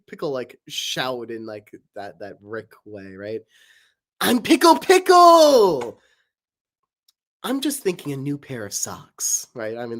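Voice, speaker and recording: A woman chatting casually and answering viewer voice requests, giggling and rambling between them. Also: low voice. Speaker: voice-request streamer. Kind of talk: casual Q&A chat.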